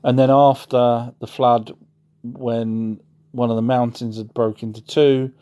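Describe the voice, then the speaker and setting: A man's voice: mid-range voice, flat delivery, measured pace, mellow, clear, resonant tone. A man hosting a casual livestream, answering chat in a rambling way and often correcting himself. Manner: rambling, self-correcting, apologetic asides.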